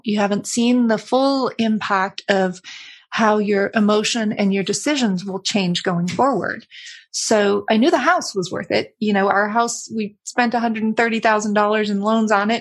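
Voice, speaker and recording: A middle-aged woman speaks candidly as an interview guest, her voice soft and airy with a breathy edge. She tells a family story in a reflective, conversational way and brightens when she quotes her kids. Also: mid-range voice.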